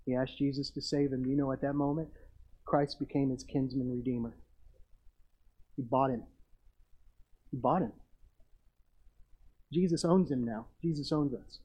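Husky pastor preaching. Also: male voice, medium pitch, steady tone, moderate pace, pauses often, rough recording. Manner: storytelling, swings from hushed to emphatic. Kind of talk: sermon.

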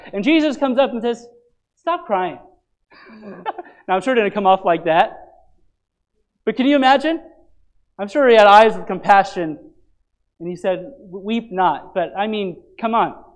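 A man's voice: high-pitched, poor audio. A male pastor giving an earnest, conversational sermon in a church, asking his listeners rhetorical questions.

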